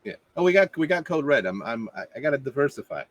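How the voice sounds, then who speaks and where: A man playing his character in a tabletop game, friendly and halting with repeated restarts. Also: mid-range voice, sing-song, a little hiss or hum. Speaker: player. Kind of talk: in-character tabletop role-play.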